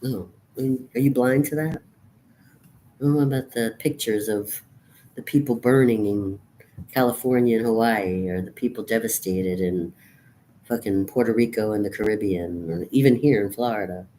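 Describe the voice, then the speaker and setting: A middle-aged woman venting in a raw, profane monologue to camera, swinging from quiet brooding to loud outbursts. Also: extremely low pitch, normal speed, slight background noise. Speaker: vlogger.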